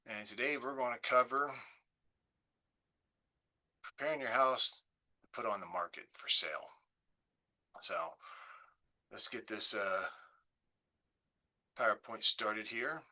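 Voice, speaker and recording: A man, a real estate agent, hosting a webinar and leading listeners through a slow, coaxing guided visualization. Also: mid-range voice, sharp tone, dull audio. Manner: slow, coaxing, imaginative storytelling.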